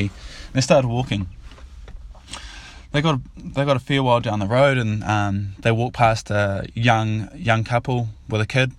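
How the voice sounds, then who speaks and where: Rambling dad telling a fable. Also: male voice, medium pitch, steady tone, measured pace. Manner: rambling, repeats himself, loose and informal. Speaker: father telling a story. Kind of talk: casual spoken storytelling.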